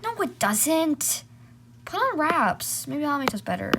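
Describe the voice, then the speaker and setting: Voicing every character herself, a woman tells a homemade role-play story, shifting between the voices of squabbling siblings. Her voice is high, sing-song and a bit slow, and loud background noise fills the recording.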